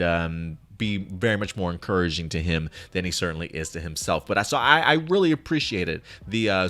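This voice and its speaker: Lower-voiced man rambling through a review. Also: a bit bright. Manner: enthusiastic, rambling with many fillers. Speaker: host. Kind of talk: casual video review commentary.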